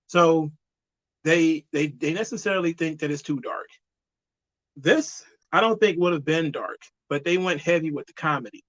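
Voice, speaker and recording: A man's voice: on the high side, fairly bright tone, muffled recording. A man giving an opinionated, conversational movie review in a casual spoken style.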